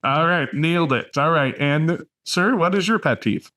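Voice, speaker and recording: A man hosting a casual podcast chat, loose and chatty, laughing often and filling pauses with "um". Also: on the high side, bright, forceful tone. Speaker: podcast host.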